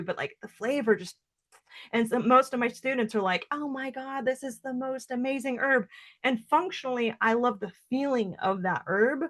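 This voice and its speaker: A woman's voice: fairly high pitch, gravelly, a bit bright. A woman hosting a solo herbal wellness podcast from her office, talking casually with lots of "like" and "um" fillers. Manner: chatty, frequent "like" and "um" fillers. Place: home office.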